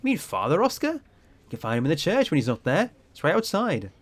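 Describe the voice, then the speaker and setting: A man's voice: a little high, huge pitch swings, brisk. A man reading as a chatty village barman.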